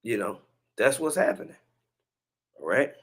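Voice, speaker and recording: A man's voice: mid-range voice, very animated, measured pace, a bit bright, husky. A man hosting a religious commentary video, talking in a laid-back, slangy way with laughing asides. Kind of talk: casual commentary.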